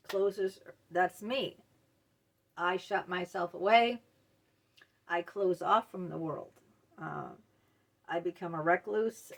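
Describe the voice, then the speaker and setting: A middle-aged woman hosting a mental health video, speaking candidly and emotionally to camera, halting often with fillers. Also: medium pitch, a bit bright. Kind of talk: personal talk to camera.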